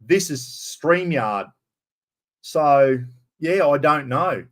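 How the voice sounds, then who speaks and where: An Australian man hosting a casual live stream, loud and rambling, swearing freely as he chats. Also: on the high side, lively intonation, extremely slow.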